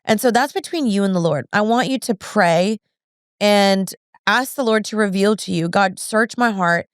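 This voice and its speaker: A woman's voice: medium pitch, normal speed, clean tone, dry recording, studio quality. Chatty earnest woman in her thirties. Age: 30s. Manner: chatty, earnest, lots of fillers. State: pregnant. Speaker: podcast host. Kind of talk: casual chat.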